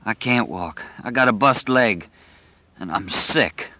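A man voicing a gravely ill grown man, short of breath, weak and petulant, in an audiobook. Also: medium pitch, big pitch swings, slow, dry recording. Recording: dull lo-fi dry recording.

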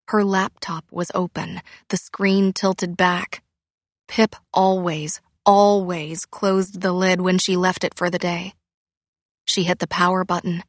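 A woman narrates a story in a measured, unhurried way, her voice sitting a little low. The recording is dry and close, with no room sound around her. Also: dry recording. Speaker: audiobook narrator. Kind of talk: scripted narration.

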